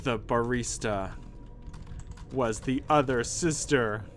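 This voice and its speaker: A man streaming himself reading an AI text game aloud, mostly deadpan but breaking into laughter. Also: medium pitch, takes it slowly, a little hiss or hum.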